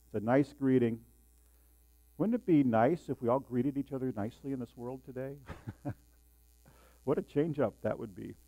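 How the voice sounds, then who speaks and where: A man's voice: mid-range voice, normal speed, pauses often, dry recording. A man in his sixties preaching a sermon, talking conversationally and putting questions to the congregation. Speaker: pastor. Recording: dull lo-fi sound with mains hum.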